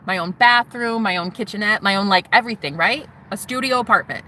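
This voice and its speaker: A woman's voice: medium pitch, fairly quick, sharp tone, a little hiss or hum. A woman vlogger in a car, bluntly telling a personal story with plenty of swearing and emphatic repetition.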